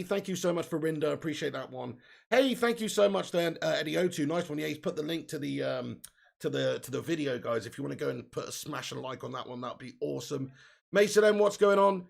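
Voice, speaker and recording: A man's voice: fairly high pitch, expressive, a little fast, creaky. A man hosting a live football watch-along, joking, laughing often and reading out viewer comments. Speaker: live stream host.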